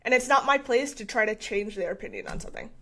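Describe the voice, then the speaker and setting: A woman with a high voice co-hosts a casual podcast chat. She speaks forcefully and insistently, pressing each point with indignation. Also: sing-song, fast. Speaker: podcast co-host.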